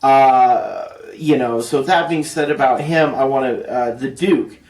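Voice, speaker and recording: A man's voice: medium pitch, measured pace, a little mellow. A man giving a casual, rambling spoken movie review, full of fillers and restarts. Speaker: film reviewer. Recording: roomy echo, distant from mic.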